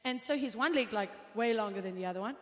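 A woman preacher telling testimonies in an animated, storytelling way, acting out the voices of the people in her stories. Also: a little high, fast. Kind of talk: sermon testimony. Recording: long hall reverb.

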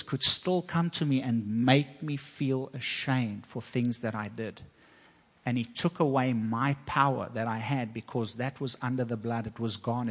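A man's voice: medium pitch, fairly bright tone, husky. A man preaching a sermon as pastor, earnest and personal, repeating himself for emphasis. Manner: earnest, personal testimony with repetition. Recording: long hall reverb.

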